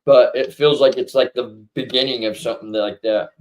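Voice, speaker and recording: A man chatting casually with viewers on a livestream, rambling and swinging into animated bursts, feeling under the weather. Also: mid-range voice, normal speed. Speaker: livestream co-host.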